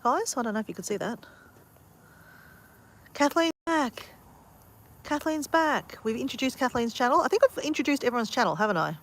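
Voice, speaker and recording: A woman's voice: a little high, lively intonation, normal speed, long pauses, a little hiss or hum. An Australian woman chatting upbeat to her live-stream viewers from a backyard. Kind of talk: casual live-stream chat. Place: outdoors in a backyard with chickens.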